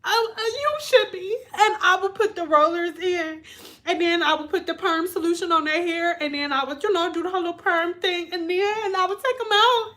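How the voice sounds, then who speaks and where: High-voiced woman telling a lively story. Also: normal speed. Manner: animated, laughing, mimics clients' voices. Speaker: vlogger. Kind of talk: casual storytime chat.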